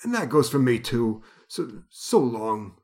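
Gruff rough-talking circus strongman, a guy putting him on, gravelly low voice. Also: very animated, slow, darkish tone. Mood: bitter. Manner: rough ungrammatical speech, gruff.

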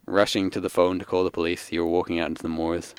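Smooth-voiced man running a tabletop game. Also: low voice. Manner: brisk, deadpan, amused. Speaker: game master. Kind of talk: improvised tabletop game narration. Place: studio.

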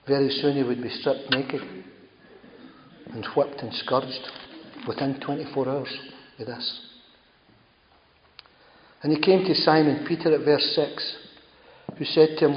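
A man's voice: mid-range voice, fairly even intonation, measured pace, long pauses. A male preacher giving a sermon in a conversational, emphatic manner, often circling back over his phrases. His voice echoes through a large church hall with a long tail. The recording sounds dull, with faint background noise.

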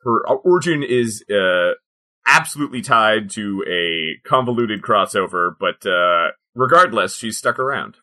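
A man's voice: on the low side, animated, a little slow, sharp tone. A man co-hosting a casual comedy podcast, explaining things in a rambling way with many fillers and frequent laughs. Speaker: podcast co-host.

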